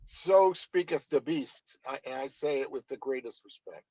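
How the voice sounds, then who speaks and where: A man's voice: mid-range voice, normal speed, darkish tone, no room sound. Stammering guest man from New York. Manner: stammering, eager, respectful. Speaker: guest author. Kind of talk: casual talk show chat. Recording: dry, dull lo-fi audio.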